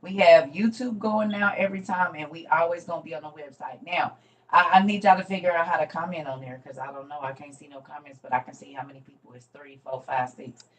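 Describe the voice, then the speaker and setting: Chatty woman livestream host, low-pitched. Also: steady tone, quick pace. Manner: chatty, calls viewers "y'all", swings from loud to murmured asides. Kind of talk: casual livestream chat to viewers.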